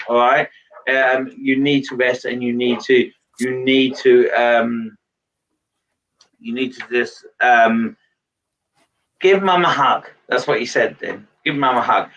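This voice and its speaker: A man working as a medium, giving a live reading to a sitter in a halting way, with many pauses and fillers. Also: medium pitch, fairly bright tone. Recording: distant mic, dull lo-fi sound.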